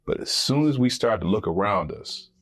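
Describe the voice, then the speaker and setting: A man in a casual faith discussion who talks in a relaxed, conversational way and affirms the others. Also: lowish voice, normal speed, husky.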